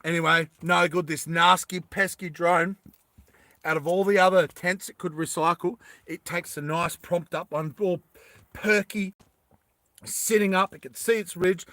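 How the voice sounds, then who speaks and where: Gravelly bright-voiced man. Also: high voice, steady tone, measured pace, no room sound. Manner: rambling, laughing at his own ideas. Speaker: storyteller. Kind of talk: casual comic storytelling.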